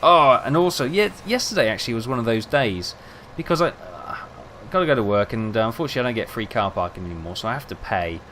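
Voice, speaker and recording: A man's voice: medium pitch, big pitch swings, fast, hardly any pauses, fairly bright tone, slight background noise. A young man rambling casually, telling self-mocking stories over gameplay. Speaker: gaming video host.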